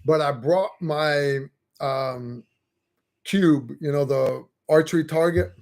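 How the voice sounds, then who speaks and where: A man hosting a livestream, chatting in a relaxed, rambling way. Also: a little high, takes it slowly, gravelly. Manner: relaxed, rambling, many fillers. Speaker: host. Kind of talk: casual livestream chat.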